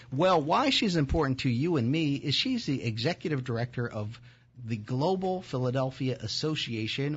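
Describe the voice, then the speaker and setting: A man hosting a casual talk show, stopping and restarting his sentences often. His voice is husky and a little rough at the edges. The audio is muffled and lo-fi. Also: mid-range voice. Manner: halting, many filler sounds and restarts.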